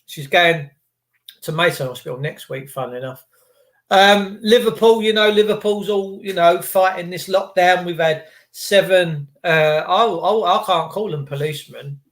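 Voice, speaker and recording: A rambling, chatty man with a high-pitched voice, hosting a casual live stream. He talks loosely and teasingly, greeting his viewers one by one. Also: normal speed, a bit bright. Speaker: livestream host.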